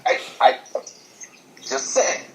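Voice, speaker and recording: A man in casual podcast chat, animated and laughing often, swearing freely as he rants about wrestling. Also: takes it slowly, crowd noise, low-quality recording. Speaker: podcast co-host.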